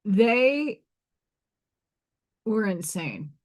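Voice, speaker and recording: A woman's voice: medium pitch, big pitch swings, drawn-out words. A woman with a Staten Island accent hosting a casual live stream, talking frankly, swearing casually and often restarting her sentences. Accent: Staten Island, New York. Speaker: live stream host and oracle card reader.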